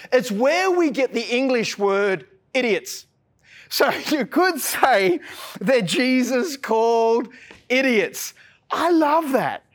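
A high-pitched Australian man preaching a sermon from the pulpit. He talks earnestly and often trips over his words, repeating the start of a phrase before pushing on. He slows right down to stress key lines, then hurries through the next thought. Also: fairly bright tone. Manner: earnest, frequent stammered restarts. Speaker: pastor.

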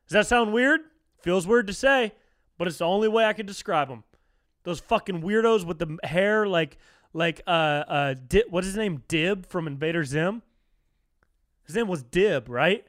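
A man's voice: high voice, normal speed, no echo, studio quality. A young man hosting a solo podcast, ranting in a loose, profane, comic way and leaning hard on words like dude and bro. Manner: profane, animated, slangy, says dude and bro a lot. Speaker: podcast host. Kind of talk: solo comedic rant.

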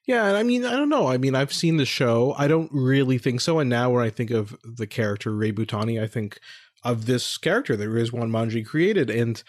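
A man's voice: mid-range voice, lively intonation, brisk, dry recording, clean studio sound. Man hedging his opinions in podcast chat. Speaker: podcast co-host. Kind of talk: casual podcast discussion.

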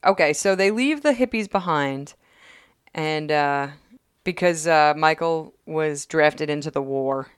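A woman co-hosting a podcast, recapping an episode in casual chat with wry, quick asides. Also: low voice, clear, resonant tone, no echo, studio quality. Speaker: podcast co-host.

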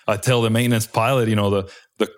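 Laid-back low-voiced pilot man. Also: fairly even intonation, fast talker. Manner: laid-back, slangy, swears freely. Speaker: Chinook helicopter pilot, guest. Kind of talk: casual war storytelling.

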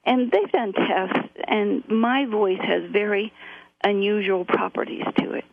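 A woman's voice: mid-range voice, measured pace, vocal fry, a little hiss or hum. A middle-aged woman guest telling her story earnestly, with frequent fillers. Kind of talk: interview on a phone line. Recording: tinny phone line.

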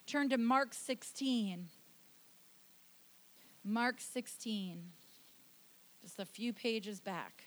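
A woman's voice: fairly high pitch, drawn-out words, long pauses. A woman preacher delivering a fervent sermon, with emphatic, repetitive phrasing.

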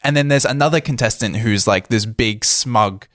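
A man co-hosting a podcast, retelling events in a calm, matter-of-fact casual chat. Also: medium pitch, normal speed, dry recording, clean studio sound. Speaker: podcast co-host.

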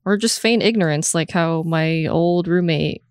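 A woman's voice: on the low side, a little slow, darkish tone, smooth, no echo. A woman co-hosting a podcast, telling stories with crude humor in casual chat. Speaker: podcast co-host.

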